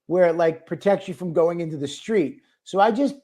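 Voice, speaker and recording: A man's voice: high-pitched, moderate pace, dark tone. A male comedian telling a self-mocking story in casual, rambling talk with crude language. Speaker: comedian guest.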